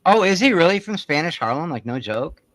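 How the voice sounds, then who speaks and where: A man's voice: on the high side, very animated, a little fast, fairly bright tone. Man, Brooklyn accent, podcast co-host, boisterous, teasing. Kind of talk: casual chat.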